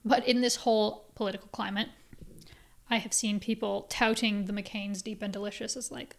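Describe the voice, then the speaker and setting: A young woman from Canada hosting a casual solo podcast, animated and sarcastic, swearing freely as she rants. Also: mid-range voice, moderate pace, creaky. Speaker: podcast host.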